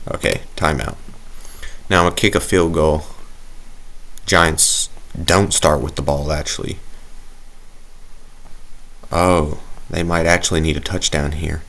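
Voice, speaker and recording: This gaming video creator has a very deep yet fairly bright voice. He rambles through casual commentary while playing a video game, cracking jokes and poking fun at himself.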